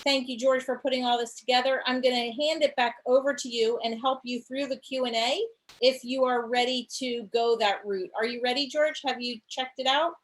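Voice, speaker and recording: A woman's voice: high-pitched, fairly even intonation, normal speed, rough recording. A woman hosting a live online tour event, talking with many fillers and restarts as she thanks her guide and hands over. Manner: hesitant, filler-heavy, friendly. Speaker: tour company host.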